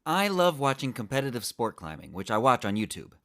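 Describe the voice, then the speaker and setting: A man's voice: mid-range voice, sing-song, fairly quick, fairly bright tone. A man hosting his own trivia podcast in a playful, theatrical manner, swinging from upbeat cheer to mock-sheepish asides. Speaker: podcast host. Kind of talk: solo comedic trivia podcast monologue.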